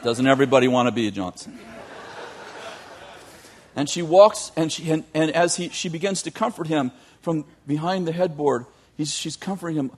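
A man telling a long story in a sermon, animated, with joking asides to his audience. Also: a little high, moderate pace. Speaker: youth teacher.

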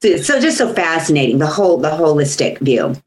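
Animated woman voice coach, lower pitch. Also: fairly quick, rough recording. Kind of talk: casual group chat.

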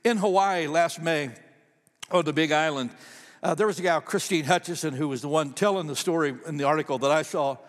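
A high-pitched man preaches to his church, his voice rolling around a large hall with long echoes. He tells stories with animation and repeats key phrases for emphasis. He sounds like a pastor speaking from the pulpit. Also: brisk. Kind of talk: sermon. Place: church sanctuary.

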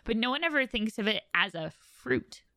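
A woman's voice: on the high side, expressive, normal speed, creaky, pushed and bright, no room sound, studio quality. A woman chatting casually and enthusiastically, rambling with lots of fillers. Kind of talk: casual chat.

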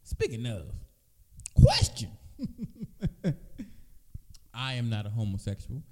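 A man co-hosting a loose comedy podcast, telling stories with a voice that swoops up and down. His tone is warm and mellow, and he laughs often while swearing freely. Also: mid-range voice, huge pitch swings, takes it slowly. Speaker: podcast co-host. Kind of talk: casual comedic chat.

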